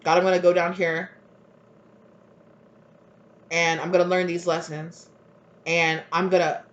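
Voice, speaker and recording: A woman voicing a booming, stern divine spirit that scolds a human, slow and solemn. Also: level tone, highs cut off, natural voice. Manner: slow, solemn, loud reproach.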